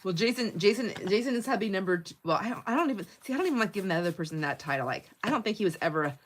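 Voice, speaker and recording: A woman's voice: medium pitch, expressive, very fast, slight background noise. A middle-aged woman hosting a casual livestream, chatting and laughing often as she tells a story and reads viewer comments while working at a craft table. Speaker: livestream host.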